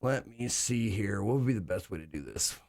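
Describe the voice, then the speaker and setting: A man's voice: on the low side, lively intonation, moderate pace. A man telling travel stories during a casual live stream, rambling with lots of fillers and casual swearing. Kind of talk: casual storytelling chat.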